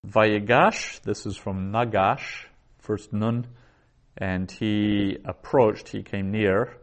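A man teaching a class in a slow, deliberate lecture, spelling out each word and repeating it before he explains it. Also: lowish voice, fairly even intonation, darkish tone. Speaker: Biblical Hebrew teacher.

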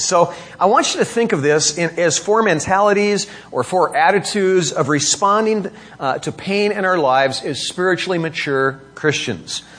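A middle-aged man preaching a sermon, reading scripture and explaining it with rhetorical questions and pitch that rises for emphasis. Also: a bit bright, husky. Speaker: pastor.

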